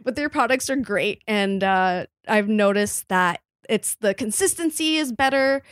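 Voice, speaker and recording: A young woman chatting casually about her work as a makeup artist, animated when telling stories. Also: medium pitch, measured pace, smooth, no echo, studio quality. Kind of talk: casual podcast chat.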